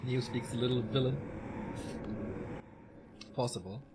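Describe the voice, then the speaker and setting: A man's voice: medium pitch, takes it slowly, very noisy. A man casting a strategy game match alone, calling the play and joking between calls. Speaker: esports caster. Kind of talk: solo play-by-play game commentary.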